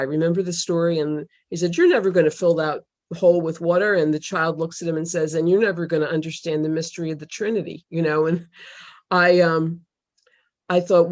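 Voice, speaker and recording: A woman's voice: deep voice, darkish tone. Earnest woman sharing a testimony. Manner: earnest, halting, many fillers. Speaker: religious sister volunteer. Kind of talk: personal testimony on a video call. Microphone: video call.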